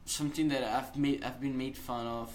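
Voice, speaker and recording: A young man from Italy with an Italian accent, a podcast guest who talks in an earnest, halting way and laughs often. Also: medium pitch, fairly even intonation, a little mellow, slight background noise. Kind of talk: casual conversation.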